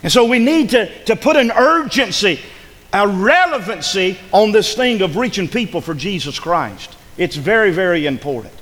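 High-voiced preacher in a reverberant church. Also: male voice, sing-song, normal speed, a bit bright. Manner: preachy, repeats phrases for emphasis, builds to urgent crescendos. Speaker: pastor. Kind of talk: sermon.

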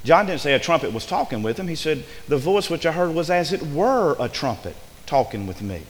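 A man's voice: fairly high pitch, sing-song, brisk, slight background noise. A man preaching a sermon, asking his congregation rhetorical questions with rising fervor. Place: church. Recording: long hall reverb.

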